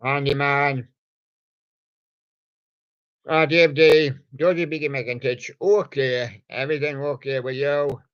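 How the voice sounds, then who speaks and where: A man's voice: mid-range voice, fairly even intonation, slow pace, pauses often, smooth. A man hosting a live radio show in a meandering, mumbling way, chatting to toy guests on a dull, lo-fi recording. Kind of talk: rambling live radio chat.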